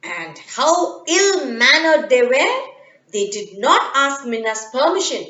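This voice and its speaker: A woman reading a children's story in an expressive, dramatic way. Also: sits high, takes it slowly. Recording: echoey, dull lo-fi room.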